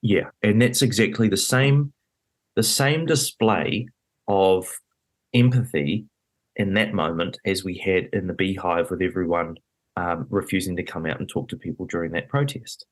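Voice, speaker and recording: A man's voice: sits low, moderate pace. A man talking politics as a podcast guest, emphatic and indignant, with many fillers. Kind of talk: animated political chat. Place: podcast studio.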